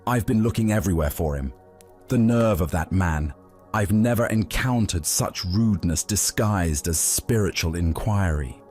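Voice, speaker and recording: A man's voice: deep voice, moderate pace, a little mellow, faint music behind, close to an everyday voice. A man voicing an indignant one-eyed monk. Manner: agitated, offended.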